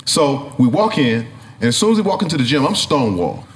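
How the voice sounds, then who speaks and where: A middle-aged man telling a lively, profane story in casual chat, acting out quotes and laughing often. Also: medium pitch, brisk. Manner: animated, laughing, acts out quotes, swears freely. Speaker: guest storyteller. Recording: echoey room with crowd noise.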